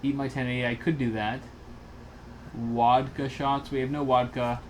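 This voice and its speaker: A man's voice: medium pitch, flat delivery, normal speed, slight background noise. A man hosting a casual livestream, loose and swearing through gaming banter. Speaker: host.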